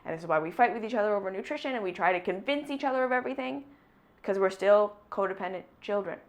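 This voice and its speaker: A woman vlogger telling a candid personal story in an earnest, reflective way, moving between brisk and slow deliberate phrasing. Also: medium pitch.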